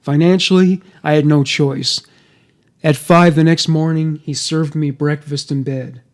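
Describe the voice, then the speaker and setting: A man narrating a first-person true-crime account in a steady, even reading voice. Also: a little high, measured pace.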